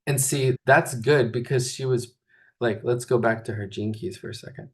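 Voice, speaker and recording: At medium pitch and normal speed, a male spiritual coach hosts a casual talk. He rambles loosely, his speech packed with fillers, especially "like."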